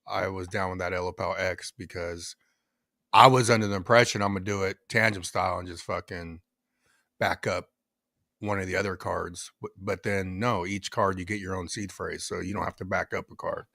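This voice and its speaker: A man co-hosting a casual crypto livestream, excitable, hyping up viewers and giving shout-outs. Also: sits low, moderate pace, vocal fry, dry recording, clean studio sound. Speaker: livestream co-host.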